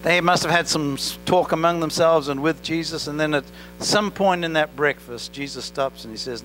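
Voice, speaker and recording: A man's voice: on the high side, normal speed, a bit bright, faint music behind, rough recording. A male pastor preaching an earnest sermon, telling a story with rising and falling emphasis. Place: church. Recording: church recording with electrical hum.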